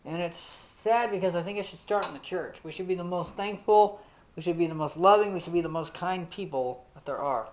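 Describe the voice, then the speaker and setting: A man with a high voice teaches a casual Bible lesson at a slightly fast pace, captured on a low-quality recording. He talks conversationally, saying "you know" a lot and asking his listeners direct questions.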